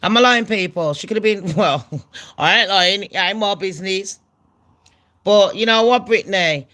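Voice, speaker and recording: A middle-aged woman with a nasal voice, hosting a casual gossip vlog. She talks in a brash, sweary, chatty way at a middling pitch. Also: normal speed, a bit bright. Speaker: gossip channel host.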